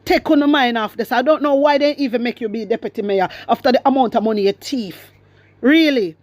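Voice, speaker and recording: A woman's voice: a little high, a little fast, a little mellow, no echo. A woman with a Jamaican accent giving emphatic, repetitive political commentary to her viewers, mixing in patois. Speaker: commentary vlogger.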